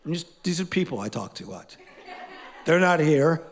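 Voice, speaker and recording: A man with a fairly high voice runs a live motivational class, energetic and playful. He leads call-and-response chants and fires questions at the people in front of him. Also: moderate pace. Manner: energetic, playful, quizzes the audience. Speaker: motivational teacher.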